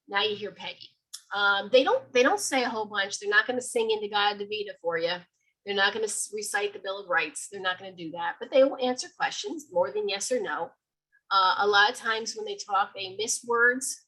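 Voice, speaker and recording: Brief: woman, medium leading a casual library talk, husky voice, lively and chatty. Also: medium pitch, low-quality recording. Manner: chatty, animated, acts out sounds.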